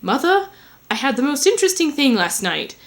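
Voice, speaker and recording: A woman voicing an excited young man from the 1920s with a put-on English accent. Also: fairly high pitch, quick pace. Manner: excited, telling his mother news.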